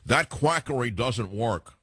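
A man hosting a call-in talk radio show, opinionated and combative, quick to cut callers off. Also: mid-range voice, animated, fairly bright tone, husky, no room sound, clean studio sound. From San Francisco, USA.

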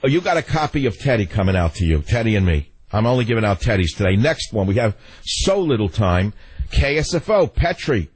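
A man's voice: on the low side, very animated, brisk, breathy edge, no room sound. Sardonic older male radio host. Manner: blunt, sardonic, laughs often. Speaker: radio talk show host. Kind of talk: call-in talk radio.

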